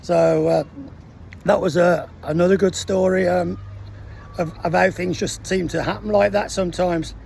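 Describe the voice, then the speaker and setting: Gravelly man in his sixties. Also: sits high, moderate pace, slight background noise. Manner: lively storyteller acting out the voices of others. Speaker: military veteran. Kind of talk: casual anecdote.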